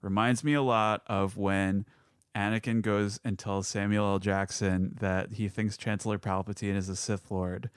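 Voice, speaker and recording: A man guesting on a podcast, talking in a hesitant, halting way with many restarts. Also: lowish voice, flat delivery, smooth, no room sound, clean studio sound. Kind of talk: casual podcast chat.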